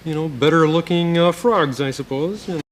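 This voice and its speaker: A man voicing a gentle folksy frog puppet with a reedy, raised-larynx voice, hesitating through fillers. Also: a little high, a little fast, natural voice. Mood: hesitant. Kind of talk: puppet film dialogue.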